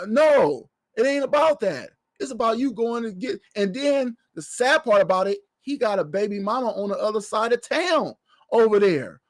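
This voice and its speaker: A man's voice: high voice, dry recording, studio quality. A man preaching a sermon as pastor, in a loose, conversational way, often repeating short phrases.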